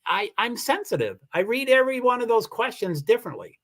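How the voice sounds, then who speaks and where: A man's voice: extremely high pitch, lively intonation, brisk, a bit bright. A man hosting a livestream and answering viewer comments, rambling and upset, with many restarts, close to tears. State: emotional, near tears. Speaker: livestream host. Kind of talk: casual livestream chat reading comments. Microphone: computer mic for a live stream.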